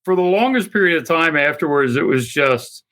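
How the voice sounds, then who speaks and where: Older male guest, bright, fairly high voice, earnest and halting with fillers. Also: lively intonation. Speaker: interview guest, author. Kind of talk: conversational interview.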